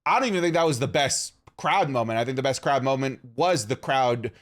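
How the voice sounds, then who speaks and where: Animated excitable podcaster man. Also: mid-range voice, brisk. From Canada. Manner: animated, excitable, says "dude" a lot. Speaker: podcast co-host. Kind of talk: casual chat.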